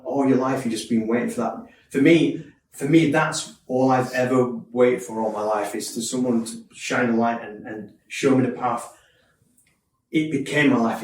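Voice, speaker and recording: A man's voice: medium pitch, a little hiss or hum. A man telling his life story in a candid, earnest way, often repeating words as he restarts. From Yorkshire, England. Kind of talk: personal testimony talk. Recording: echoey room from a distance.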